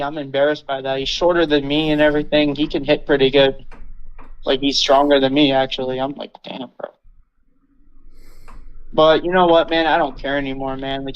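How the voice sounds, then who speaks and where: A man's voice: a little high, lo-fi sound. A young man podcast host telling a rambling story about a controlling friend. He swears a lot and mimics the people he quotes. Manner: rambling, swearing, quoting others in a mocking voice. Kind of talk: casual venting story.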